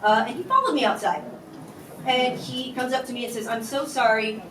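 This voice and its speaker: In an event hall at a tech company, a woman gives a candid, conversational talk on stage, telling a personal story with casual fillers. Her high voice swings widely in pitch and moves a little fast, picked up from far off in an echoey hall with faint noise.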